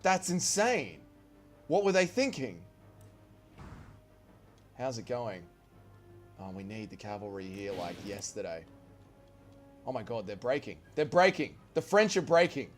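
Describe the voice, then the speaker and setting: A man streaming a strategy game, giving excitable live commentary, swearing and shouting orders and cheers. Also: mid-range voice, unhurried, long pauses, soft background music. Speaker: gaming streamer.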